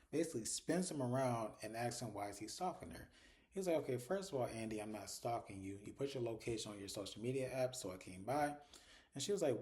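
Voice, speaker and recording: A man races through a casual TV episode recap in a mellow, darker voice. He retells each scene and slips into quick higher-pitched mimicry of the characters' lines. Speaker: TV show reviewer.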